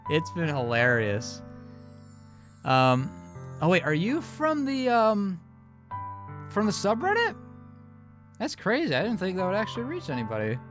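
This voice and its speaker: A man's voice: high voice, huge pitch swings, a little slow, long pauses, a bit bright. A man streaming a game, chatting in a laid-back, joking way and swearing freely. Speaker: gaming streamer. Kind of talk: casual let's-play commentary. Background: background music.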